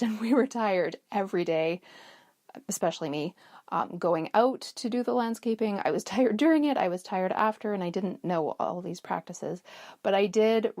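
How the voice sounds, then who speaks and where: Brief: middle-aged woman, podcast host, conversational storyteller, slight vocal fry, dry close sound. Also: on the low side, darkish tone, dry recording. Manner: chatty, storytelling, restarts mid-sentence. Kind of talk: casual self-care talk.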